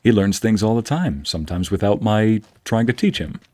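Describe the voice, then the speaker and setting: A man's voice: fairly low pitch, lively intonation, moderate pace, a little mellow, no room sound. A man streaming a video game, chatting easily as casual game commentary. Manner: chatty and easygoing.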